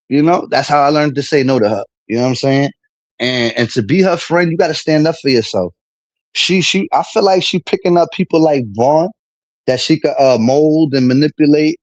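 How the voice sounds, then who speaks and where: Man, venting stream talk, heated and repetitive, street slang, fairly high voice, dry mic. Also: no room sound. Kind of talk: casual venting monologue.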